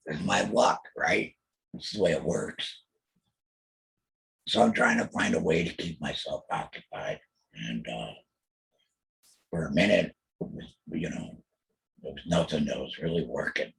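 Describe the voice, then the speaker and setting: Gravelly, rough alaryngeal man's voice. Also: very deep voice, fairly bright tone, rough recording. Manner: blunt and profane, rambling, keeps asking "you know what I mean". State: speaking after a total laryngectomy, alaryngeal voice. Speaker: podcast host. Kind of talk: casual podcast monologue.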